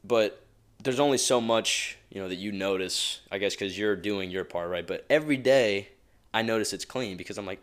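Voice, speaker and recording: Rambling man with a low voice. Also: normal speed. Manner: rambling and conversational, with frequent asides; chuckles often. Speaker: podcast host. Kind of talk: casual motivational monologue.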